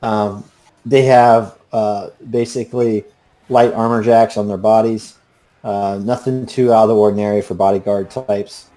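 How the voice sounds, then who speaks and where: A man narrating a tabletop game as game master, relaxed with many fillers. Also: lowish voice, measured pace.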